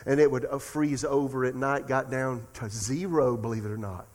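Middle-aged pastor preaching in a reverberant hall. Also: male voice, mid-range voice, normal speed. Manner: storytelling, animated and conversational. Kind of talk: sermon. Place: church sanctuary. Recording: long church reverb.

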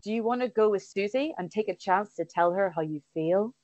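A woman narrating an improvised comic adventure with playful deadpan timing. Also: mid-range voice, brisk, dry recording, muffled recording. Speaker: comedy guest and game narrator.

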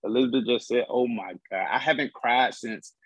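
A man's voice: mid-range voice, normal speed, a bit bright, no room sound, low-quality recording. A young man in a casual chat, talking in a laid-back, slangy way and saying "bro" a lot. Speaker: podcast guest.

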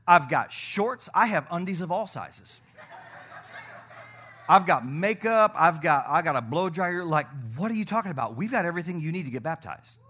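Brief: male pastor preaching, fairly high and bright voice, energetic and playful, coaxing the congregation from a church stage. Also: normal speed. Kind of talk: sermon.

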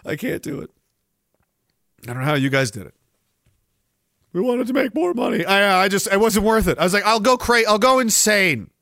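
A man's voice: sits high, animated, fairly quick, vocal fry, pauses often, fairly bright tone, no room sound, clean studio sound. A man, ranting sarcastically and profanely on his livestream, rambling from one complaint to the next. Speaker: livestream host.

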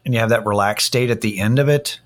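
A man's voice: lowish voice, quick pace. A middle-aged man hosting a casual solo podcast, ranting in an irritated, profane way. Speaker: podcast host. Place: Austin-area home setting.

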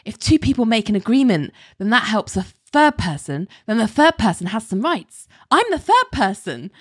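A woman putting on the voice of an earnest young boy who wants a lawyer, in quick, matter-of-fact speech, as she retells a TV episode. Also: a little high, very animated, slightly rough, no echo, studio quality.

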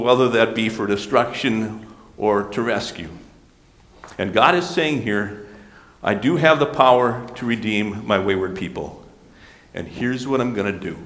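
A man's voice: medium pitch, fairly bright tone. A man preaching a sermon, earnestly explaining scripture with small restarts. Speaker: pastor. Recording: roomy hall with long reverb.

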